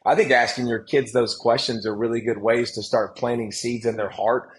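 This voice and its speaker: A man, telling stories as a podcast guest, emphatic and animated, often restarting his sentences. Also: mid-range voice, normal speed, poor audio. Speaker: guest, former football player and analyst. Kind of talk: casual podcast conversation.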